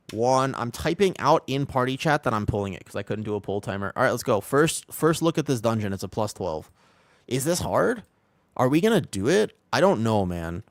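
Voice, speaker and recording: A young man chats loosely with his stream while gaming, his voice swinging up and down with lots of lively inflection. The sound is close and dry, with no room echo, and keyboard typing clicks along underneath. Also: medium pitch. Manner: chatty, rambling, answers chat, talks to himself. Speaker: streamer playing an online game. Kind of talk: casual live-stream chat while gaming. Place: home, in Thailand.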